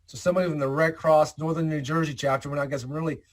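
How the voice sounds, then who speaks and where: A man giving a storytelling talk to a club, animated and acting out the dialogue he quotes. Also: on the high side, rapid-fire. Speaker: guest speaker.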